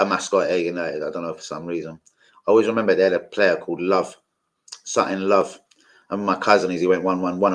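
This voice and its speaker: A man hosts a live football watch-along, his voice sitting a little low. He talks in a loose, rambling way, drifting into side stories and peppering his chat with swearing as he addresses his viewers directly. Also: fairly bright tone. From London. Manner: rambling, swears freely, chatty asides to viewers.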